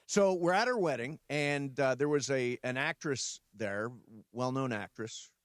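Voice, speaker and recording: A man's voice: mid-range voice, measured pace, no echo. A man co-hosting a sports radio talk show, telling rambling personal anecdotes full of restarts in a casual studio chat.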